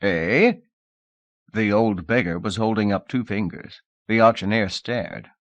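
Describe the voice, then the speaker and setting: A man reading a novel aloud as an audiobook narrator, in a measured, expressive style. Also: fairly low pitch, no echo, highs cut off. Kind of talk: scripted narration.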